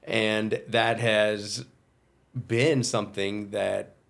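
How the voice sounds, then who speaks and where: A middle-aged man with a fairly low voice speaks in a relaxed podcast chat. He rambles a little and restarts his sentences as he thinks. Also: extremely slow, vocal fry. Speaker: podcast guest, chef. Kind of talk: casual chat.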